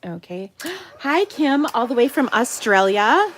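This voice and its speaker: A middle-aged woman from Minnesota hosting a live card-making demo, chatty and enthusiastic, dropping into soft muttered asides as she works. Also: a little high, very animated, unhurried, slight background noise. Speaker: craft livestream host.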